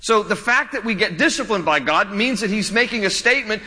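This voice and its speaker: A man preaching a sermon from a church, his fairly high, bright voice ringing with long reverb. He tells stories with lively animation and repeats his points for emphasis, sounding like a pastor at the pulpit. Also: fairly quick, few pauses. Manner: animated storytelling with laughs and quoted voices.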